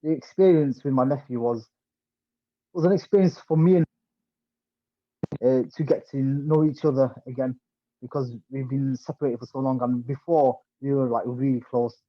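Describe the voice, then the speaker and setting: Halting man on a dry call. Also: mid-range voice, steady tone, dry recording, highs cut off. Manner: halting, many restarts and fillers. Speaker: podcast guest. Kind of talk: casual interview chat.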